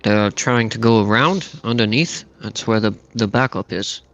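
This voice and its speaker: A man's voice: on the low side, moderate pace, fairly bright tone, dull audio, faint music behind. A man playing a tabletop game casually, hesitant and repeating words. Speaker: player.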